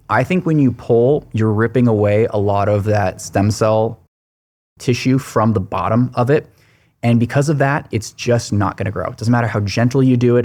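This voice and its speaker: A man, a hair restoration surgeon, giving fast technical explanations in a podcast interview. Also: fairly low pitch, darkish tone.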